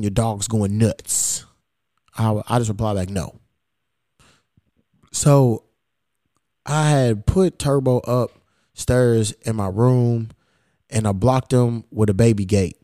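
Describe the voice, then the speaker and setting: Laid-back man with a mellow voice. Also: medium pitch, no room sound, studio quality. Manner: profane, animated retelling of quoted exchanges. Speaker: podcast host. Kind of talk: casual storytelling chat.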